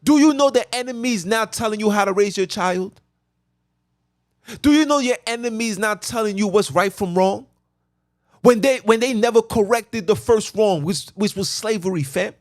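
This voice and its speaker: Sitting in a car, a podcast host with a notably high voice delivers a fervent, preachy rant at normal speed. He sounds agitated and repeats himself for emphasis, and the sound is close and dry with almost no room echo.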